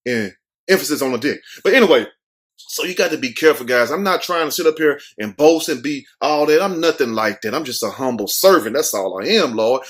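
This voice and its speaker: A young adult man hosting a comedic news commentary show, loud and mocking, full of street slang and acted-out quotes. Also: mid-range voice, lively intonation, brisk.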